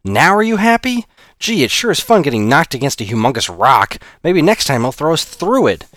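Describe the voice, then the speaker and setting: A man's voice: lowish voice, expressive, a little fast, no echo, studio quality, close to an everyday voice. A man voicing a brash, sarcastic boy hero in an audiobook, in a raised voice. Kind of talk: audiobook character voice.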